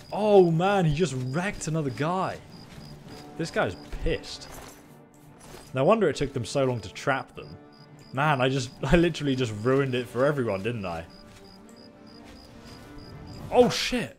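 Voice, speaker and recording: A young man giving joking, excitable commentary on a live stream, swearing and laughing. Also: medium pitch, moderate pace, faint music behind. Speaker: gaming streamer.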